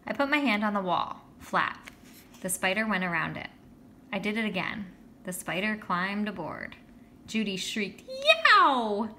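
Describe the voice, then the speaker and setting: Woman, audiobook narrator, first-person story, lively, bright tone, faint hum. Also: medium pitch. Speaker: audiobook reader.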